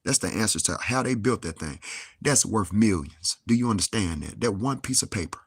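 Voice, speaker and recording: A man's voice: lowish voice, lively intonation, moderate pace, slightly rough, dry recording, clean studio sound. A young man, ranting angrily to camera with heavy cursing and rhetorical questions. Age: young adult. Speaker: vlogger. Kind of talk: angry monologue to camera.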